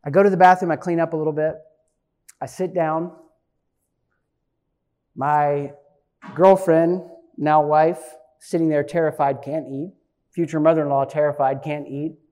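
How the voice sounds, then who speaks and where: A man in his forties preaching from the pulpit with a fairly high voice. He tells stories with animated energy and jumps from loud, punchy bursts to quiet, hushed asides. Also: a little slow, pauses often. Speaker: pastor. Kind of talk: sermon with personal storytelling.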